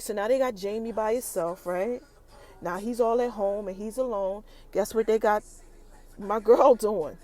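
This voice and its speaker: A woman hosting a podcast, recapping a TV episode in a lively, chatty way and talking straight to her listeners. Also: on the high side. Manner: animated, chatty, addresses listeners directly. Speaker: podcast host.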